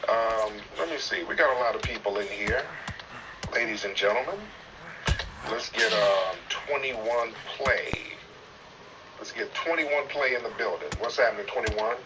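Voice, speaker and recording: A man's voice: mid-range voice, animated, a little fast. Teasing man hosting a roast-style chat. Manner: teasing, mock-stern, bursts of loud exclamation. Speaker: host of a live audio chat stream. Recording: distant noisy online voice chat.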